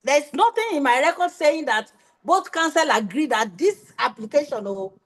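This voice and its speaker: A woman's voice: high voice, animated, normal speed. A woman judge, stern and scolding as she presides over a court hearing. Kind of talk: courtroom proceedings.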